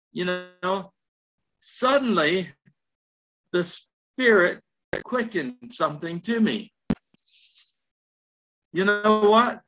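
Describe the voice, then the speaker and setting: A man's voice: high voice, pushed and bright. An older man preaching a sermon, telling a story with repeated phrases and questions to his listeners. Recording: slightly dull lo-fi recording.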